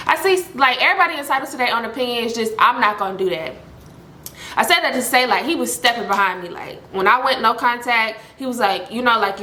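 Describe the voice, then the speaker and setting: A young woman telling a story in a casual, animated, slangy vlog, talking fast with lots of fillers. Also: mid-range voice, roomy sound, slight background noise. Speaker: storytime vlogger.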